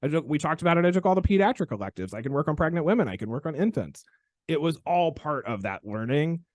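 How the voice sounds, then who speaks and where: A man hosting a podcast as a chiropractor, telling a story in an animated, expressive way. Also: fairly high pitch, fast, no room sound, clean studio sound. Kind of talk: casual storytelling chat.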